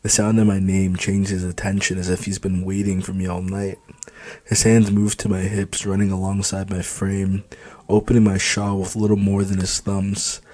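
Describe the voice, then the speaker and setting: A man's voice: deep voice, monotone, moderate pace, a little mellow. A man narrating a romance novel in the first person, reading steadily with occasional slips. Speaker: audiobook narrator.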